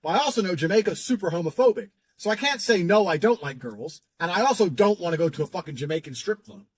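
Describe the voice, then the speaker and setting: A man's voice: high-pitched, lively intonation, fast talker, breathy edge, no room sound. A man telling a story in a casual, profane and boastful way.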